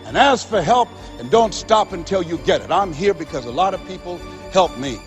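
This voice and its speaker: High-voiced dramatic motivational speaker, man. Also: lively intonation, normal speed, faint music behind. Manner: dramatic storyteller, swings from loud exhortation to hushed confession. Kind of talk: motivational speech.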